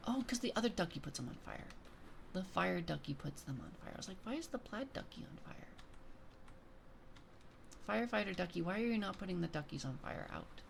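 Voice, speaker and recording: Young adult female streamer, low-ish gravelly voice, excitable rambling chat. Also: fast talker, slight background noise. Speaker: VTuber streamer.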